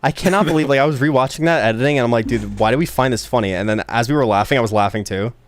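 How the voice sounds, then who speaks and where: A man's voice: medium pitch, racing, a crowd in the background. A young man co-hosting a podcast, joking and swearing in casual chat. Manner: joking, swears, lively delivery. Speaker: podcast co-host.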